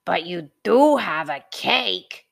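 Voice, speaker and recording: Lady doing a growly demanding troll, loud and pushy, storybook style. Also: lowish voice, lively intonation, takes it slowly, gravelly, heavily acted. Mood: gruff. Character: wild-haired greedy male troll.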